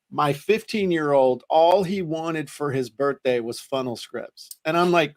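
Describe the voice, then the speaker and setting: A man's voice: a little high, unhurried, hardly any pauses. A man co-hosting a show, telling stories in a casual, joking chat. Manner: joking storyteller, self-deprecating. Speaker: co-host.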